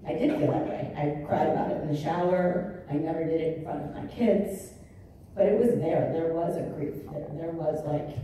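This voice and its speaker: Lively woman speaker in an echoey hall. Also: sits low, moderate pace, a little hiss or hum. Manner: candid, animated storytelling, acting out her own past words. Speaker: founder giving a keynote speech. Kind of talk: personal storytelling speech to a live audience. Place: large indoor conference hall. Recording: echoey hall recording from far off.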